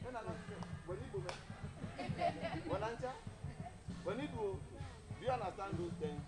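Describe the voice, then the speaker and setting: A man's voice: sits high, lively intonation, normal speed, loud music behind the voice, poor audio. A man telling a folktale to a live audience, often asking his listeners questions and having them repeat lines. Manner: call-and-response, asks listeners questions. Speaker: storyteller.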